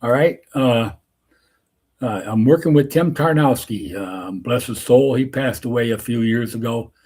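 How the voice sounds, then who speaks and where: A man who works as a softball umpire, telling a rambling anecdote full of restarts and asides. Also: mid-range voice, measured pace, husky. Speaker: softball umpire and show host. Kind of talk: casual storytelling.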